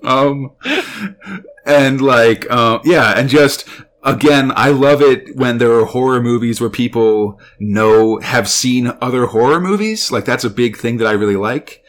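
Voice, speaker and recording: A man's voice: mid-range voice, measured pace. A man co-hosting a podcast in casual chat, enthusiastic and rambling, with lots of fillers. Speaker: podcast co-host.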